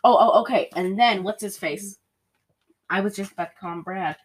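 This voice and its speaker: A husky, medium-pitched woman's voice at normal speed belongs to a young podcast co-host. In casual chat, she recaps a film with constant use of "like," mimicking the characters as she goes.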